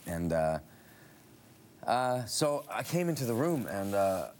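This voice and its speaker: A man's voice: lowish voice, big pitch swings, takes it slowly, a little mellow, a little hiss or hum. A man as a talk show guest, chatting and telling stories casually with frequent laughs and many fillers and restarts. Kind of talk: casual storytelling interview. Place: television studio.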